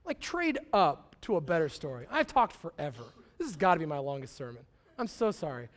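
A man, preaching a conversational sermon as pastor, swinging from quiet asides to excited bursts. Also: high voice, fairly quick.

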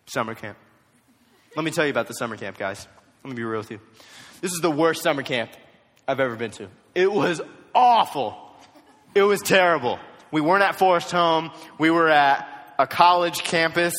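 Animated young man preaching in reverb. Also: on the high side, moderate pace, pauses often. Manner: animated, jokey, acts out quotes in voices. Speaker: youth speaker. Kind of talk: storytelling sermon talk. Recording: long hall reverb.

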